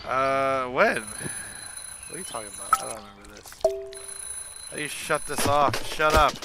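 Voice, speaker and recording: A man streaming a game live, excitable and profane, laughing loudly and yelling at his character. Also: mid-range voice, moderate pace, loud music behind the voice.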